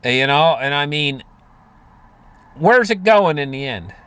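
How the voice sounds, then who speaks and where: Casting: man, folksy rambling commentator, animated pitch, dry close sound. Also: unhurried, clean tone, dry recording. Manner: rambling, folksy, many fillers and restarts. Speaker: market commentator. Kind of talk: casual monologue on finance.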